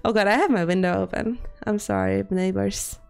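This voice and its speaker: A young woman livestreams casually from her room at home with the window open, giggling often, swearing, and playfully teasing herself. Her medium-pitched voice has vocal fry and a darkish, clear, resonant tone at a moderate pace.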